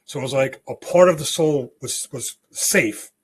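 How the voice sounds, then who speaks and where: A man guest on a spiritual podcast, telling a story in an animated way and often checking in with "okay?". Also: mid-range voice, normal speed, husky.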